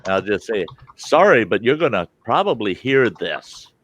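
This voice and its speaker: A man's voice: on the low side, very animated, moderate pace, fairly bright tone, dry recording. An older man hosting a live chat, telling folksy stories with lots of laughs. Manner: folksy storyteller, laughs a lot. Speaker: livestream host. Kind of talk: casual chat.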